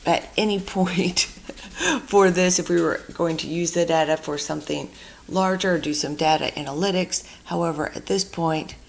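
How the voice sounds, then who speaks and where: A woman teaches a spreadsheet lesson over a screen recording. Her voice sits low and carries heavy vocal fry. She talks herself through every step in a relaxed, chatty way. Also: moderate pace. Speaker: instructor. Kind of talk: screen-recorded software tutorial.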